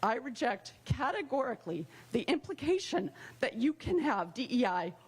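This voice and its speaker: A woman's voice: a little high, very animated, moderate pace, slightly rough. A woman city councilor giving firm, earnest testimony at a public hearing, at times emotional. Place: high school meeting hall.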